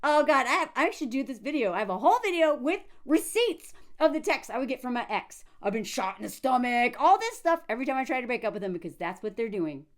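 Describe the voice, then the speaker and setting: High-pitched woman ranting blunt commentary, bouncy voice, lots of quick asides. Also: very animated. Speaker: commentary vlogger. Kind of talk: casual reaction commentary.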